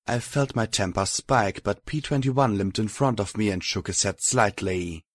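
A man narrating an audiobook in a steady first-person reading. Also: on the low side, moderate pace, few pauses, no echo, clean studio sound.

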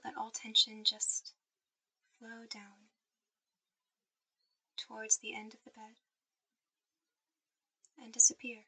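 A woman speaking in a soft, intimate whisper, guiding the listener toward sleep in a whispered role-play. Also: fairly high pitch, monotone, slow, pauses often, slightly rough, poor audio. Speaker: ASMR performer.

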